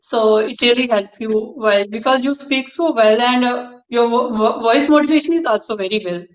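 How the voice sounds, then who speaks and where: A woman's voice: on the high side, moderate pace. A woman with an Indian English accent hosting a casual interview, encouraging her guest with frequent murmurs of agreement. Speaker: host. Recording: echoey room.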